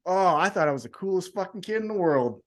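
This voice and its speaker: A man's voice: sits high, fast. A man co-hosting a wrestling podcast, telling a long story in a loose, profane way and acting out the people in it. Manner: animated, profane, acts out voices in the story. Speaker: podcast co-host.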